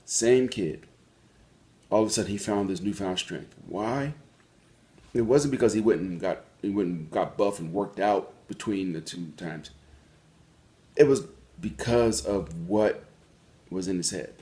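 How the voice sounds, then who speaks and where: A man hosting a call-in talk show, telling a personal story in an earnest, reflective way, pausing and restarting as he goes. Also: low-pitched, darkish tone. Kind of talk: solo monologue on a talk show.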